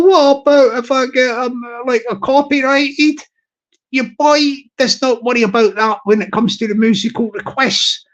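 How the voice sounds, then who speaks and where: A man hosting a live stream, greeting viewers in an easy, rambling chat. His voice sits fairly high for a man. He pokes fun at himself and chuckles at his own jokes. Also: a bit bright, highs cut off. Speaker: livestream host.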